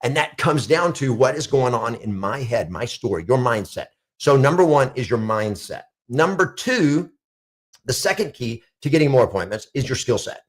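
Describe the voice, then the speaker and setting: A man's voice: medium pitch, lively intonation, normal speed. A middle-aged man coaching real estate agents in an emphatic motivational talk, repeating declarations with rising intensity.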